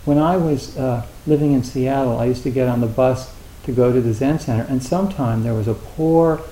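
A middle-aged man gives a dharma talk in a relaxed, halting way, full of fillers and dry humor. His voice is mellow and unhurried. The recording is roomy, with a light hiss underneath. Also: medium pitch. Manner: halting, loose and conversational with frequent fillers; wry, gently humorous. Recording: roomy hall with faint hiss.

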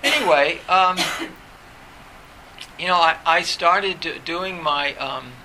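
Reflective middle-aged man with a bright voice. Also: fairly high pitch, takes it slowly, a little hiss or hum, poor audio. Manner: reflective, candid storytelling. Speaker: professor. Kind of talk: personal recollection in conversation.

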